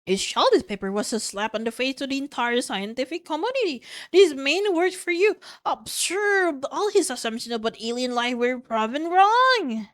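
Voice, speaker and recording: A woman's voice: a little high, very animated, normal speed. A woman voicing a condescending, dismissive female scientist while reading a novel aloud. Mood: scornful.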